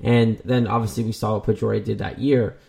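A man's voice: on the low side, steady tone, a little fast, creaky, warm tone. A man co-hosting a casual baseball talk show, rambling with many restarts. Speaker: sports podcast co-host.

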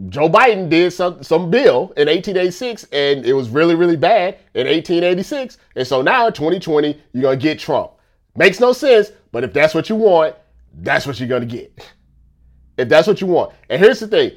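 A man's voice: a little high, sing-song, normal speed. A man talking in a casual rant, repeating himself and firing off rhetorical questions.

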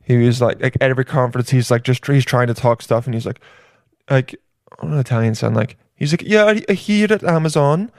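Mid-riff in a vulgar comedy bit, a man stumbles through restarts and swearing, crude and rambling. His ordinary mid-range voice is gravelly and a little mellow, with little pitch movement and a fast delivery. The recording is dry and close, with no echo or room sound.

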